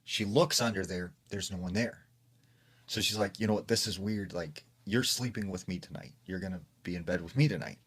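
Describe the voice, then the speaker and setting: Low-voiced man telling a creepy story. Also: brisk, slightly rough. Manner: retells a secondhand tale with frequent "like" fillers. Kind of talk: casual spoken storytime.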